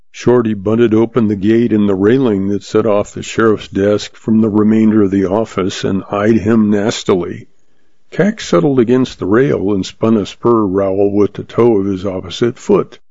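A man narrating a story in a steady, even reading, recorded dry and slightly muffled. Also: lowish voice, normal speed, gravelly, dry recording. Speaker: audiobook narrator. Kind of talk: scripted narration.

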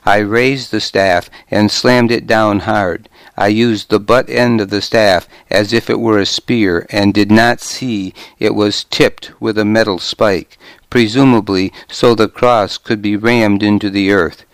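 A man reading a first-person story aloud, grim and measured, in a dry close studio recording. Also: on the low side, steady tone, clean tone, dry recording. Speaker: audiobook narrator. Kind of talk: first-person scripted narration.

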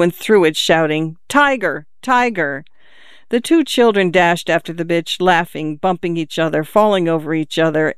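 An audiobook narrator reading a literary novel in a measured, even storytelling manner. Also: mid-range voice, smooth, no echo, studio quality.

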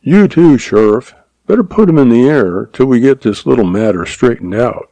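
A man's voice: medium pitch, animated, normal speed, vocal fry, dark tone, no room sound. A man voicing a cocky cowboy puncher who drawls and mocks his enemies. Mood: commanding. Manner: drawling, mocking.

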